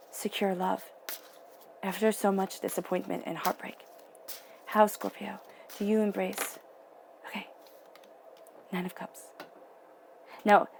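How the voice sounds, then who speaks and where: A woman's voice: mid-range voice, a little hiss or hum. A young adult woman giving an emotional, earnest tarot reading, sometimes dropping to a near-whisper. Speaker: tarot reader.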